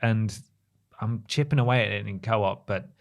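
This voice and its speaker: A man's voice: fairly low pitch, moderate pace, creaky. A man, co-hosting a casual gaming podcast, chatty and wryly exasperated. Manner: chatty, exasperated ranting, wry. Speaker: podcast co-host.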